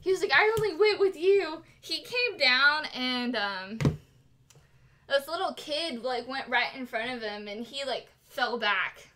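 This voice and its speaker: A young woman streaming while she crafts, telling a story in a casual, animated way with lots of fillers and giggles. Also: high-pitched, measured pace, background noise. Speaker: cosplay streamer.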